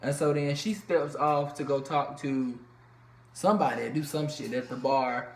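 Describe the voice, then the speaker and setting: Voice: mid-range voice, steady tone, unhurried. A reviewer recapping a reality TV episode in loose, profane, chatty slang with lots of fillers. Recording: echoey room with faint background noise.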